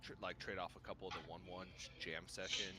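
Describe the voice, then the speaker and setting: A man co-casting a card game live, working through lines of play and getting excitable. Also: low-pitched, quick pace. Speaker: esports co-caster. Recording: broadcast with loud music behind.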